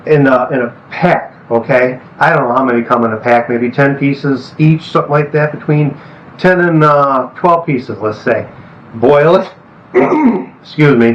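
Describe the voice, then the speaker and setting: A man's voice: medium pitch, lo-fi sound. A middle-aged man casually chatting at home as he shows off his dog, rambling and breaking into baby talk with her. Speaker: vlogger, dog owner. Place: indoors at home.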